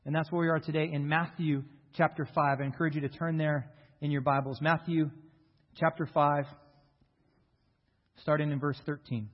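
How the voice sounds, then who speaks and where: High-voiced American pastor preaching in a hall. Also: male voice, level tone. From United States. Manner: earnest, emphatic preaching with slow stressed phrases. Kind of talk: sermon. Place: church sanctuary. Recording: reverberant hall, dull lo-fi sound.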